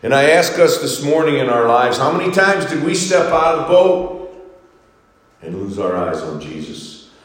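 A man preaching a Sunday sermon as pastor, swinging from soaring exhortations to hushed, quiet lines. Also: medium pitch, big pitch swings, normal speed. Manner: preaching with sweeping rises and hushed drops. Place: church sanctuary. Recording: echoey reverberant hall.

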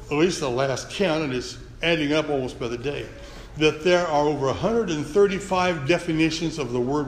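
Man, sermon, emphatic and folksy, long hall reverb, faint room noise. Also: fairly high pitch. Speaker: preacher. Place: church sanctuary.

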